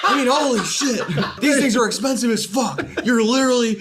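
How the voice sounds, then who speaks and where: A man's voice: very high voice, fairly quick, heavy background noise. A man playing an exasperated middle-school coach in an incredulous, scolding rant.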